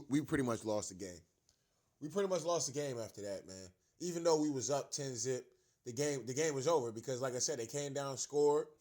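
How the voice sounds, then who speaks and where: A young man, a fan commentator, delivering a heated, profane rant about his team's loss, repeating himself for emphasis. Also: mid-range voice.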